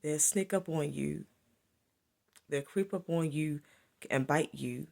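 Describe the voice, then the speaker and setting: A woman's voice: deep voice, takes it slowly, vocal fry, darkish tone. A woman giving a solo spiritual monologue to camera, repetitive and emphatic as she accuses. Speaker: spiritual vlogger.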